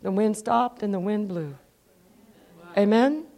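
A woman preacher telling stories in a sermon, swinging from quiet confiding lines to near-shouted dramatic peaks. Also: medium pitch, slow pace. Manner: animated, rises to near-shouting when telling dramatic parts. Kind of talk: sermon storytelling.

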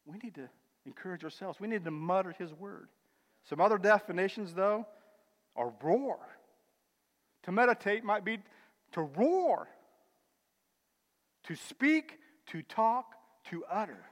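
A high-pitched man preaching in a church hall, his voice ringing with a long reverb. He swings between emphatic, swelling declarations and quiet, conversational asides, addressing the congregation as brother and sister. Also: expressive, unhurried, pauses often. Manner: emphatic, builds to loud declarations then drops to quiet asides. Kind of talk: sermon.

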